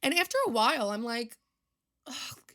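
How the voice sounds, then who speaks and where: A woman's voice: mid-range voice, moderate pace, creaky, fairly bright tone. A young woman, chatting on her own podcast in a rambling, confessional, emotional way. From Long Island, New York. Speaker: podcast host. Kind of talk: casual solo podcast chat.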